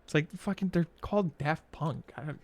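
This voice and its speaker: A man's voice: on the high side, normal speed, no room sound. A young man streaming a game, chatting casually in a rambling, profane way full of "like" fillers. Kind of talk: casual chat while setting up a game stream.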